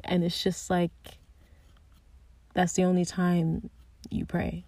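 A young woman speaking candidly and earnestly about her faith, thinking aloud with restarts and soft asides. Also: lowish voice, completely flat delivery, slow pace, pauses often, no room sound. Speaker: Christian speaker sharing personal reflections. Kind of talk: candid personal reflection.

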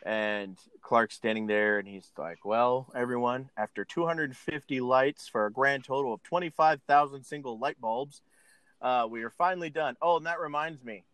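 Retelling a movie one scene at a time, this male co-host keeps things casual, often laughing and performing the characters' dialogue. His mid-range voice is a bit bright and clean, at normal speed with no room sound.

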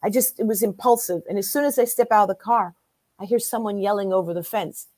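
A woman in her sixties, a guest in an interview, telling her story in a lively way and acting out what other people said. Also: mid-range voice, quick pace, dry recording. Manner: lively storyteller who acts out quoted voices.

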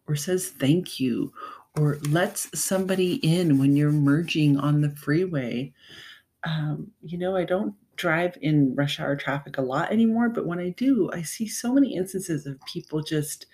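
Woman host, lowish voice, chatty and heartfelt, talk-to-listeners podcast feel. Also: darkish tone, slightly rough. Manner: chatty and heartfelt, with frequent fillers and laughs. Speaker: podcast host and mental health coach. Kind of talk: casual storytelling monologue.

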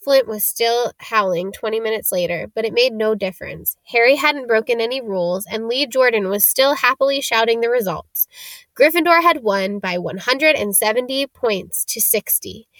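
A woman reading a novel chapter aloud in a steady storytelling manner. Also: fairly high pitch, normal speed, no room sound. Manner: steady storytelling, shifting into character voices. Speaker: audiobook reader.

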